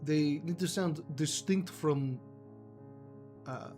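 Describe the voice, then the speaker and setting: A man's voice: on the high side, slow pace, a little mellow. A man hosting a solo livestream about a fantasy world's lore, rambling and self-deprecating as he talks to himself, with music playing behind him. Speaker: livestream host. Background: background music.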